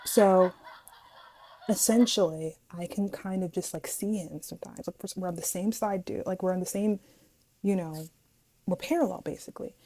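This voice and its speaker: A woman's voice: fairly low pitch, normal speed, low-quality recording. A young woman casually telling a storytime to her viewers, chatty and dramatic, often speaking to them directly. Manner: chatty, animated, dramatic asides, addresses viewers as guys. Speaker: vlogger.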